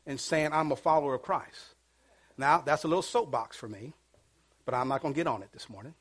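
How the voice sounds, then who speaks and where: A man preaching a sermon in church, dropping to a hush and rising to loud calls, coaxing responses from the congregation. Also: on the high side, fairly quick. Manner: swings from hushed to shouting, call-and-response preaching. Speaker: pastor.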